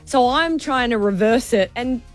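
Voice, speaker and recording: An Australian woman in her thirties co-hosting a morning radio show, with a lively voice that swings widely in pitch. She answers frankly and pokes fun at herself, while a faint music bed runs under the studio chat. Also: a little slow. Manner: laughing, frank and self-mocking. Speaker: radio co-host. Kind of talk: casual breakfast radio chat. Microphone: studio microphone.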